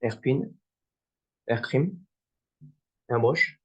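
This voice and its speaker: A man's voice: medium pitch, drawn-out words, husky, muffled recording. A man playing an eager job candidate. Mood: earnest. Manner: eager, slightly broken English. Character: earnest male job candidate.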